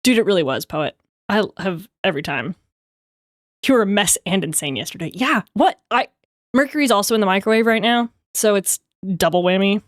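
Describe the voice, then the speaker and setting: A young adult woman livestreamer in rambling, casual chat, quick to laugh. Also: mid-range voice, lively intonation, dry recording, studio quality.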